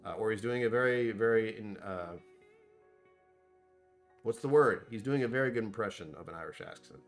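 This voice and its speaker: A man's voice: fairly low pitch, expressive, moderate pace, soft background music. A man hosting a casual whiskey tasting vlog, rambling and self-deprecating as he thinks aloud about what he smells and tastes. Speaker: whiskey reviewer.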